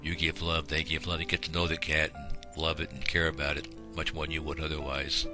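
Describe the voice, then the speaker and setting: A man's voice: extremely low pitch, level tone, brisk. A man narrating a home video of a shelter in a folksy, rambling way, with many fillers. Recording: music playing behind.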